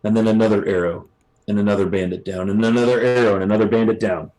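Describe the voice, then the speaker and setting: A man's voice: lowish voice, fairly even intonation, fast, darkish tone, close to an everyday voice, rough recording. A man doing a dramatic male hunter storyteller. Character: male hunter telling a tale of old.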